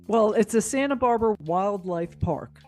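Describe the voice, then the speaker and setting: A woman with a lively, widely moving pitch co-hosts a podcast in relaxed chat. She backs her partner up with short words of agreement and laughs readily. Faint music plays behind her. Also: normal speed. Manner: backchannels often, laughs readily. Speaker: podcast co-host. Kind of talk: casual chat.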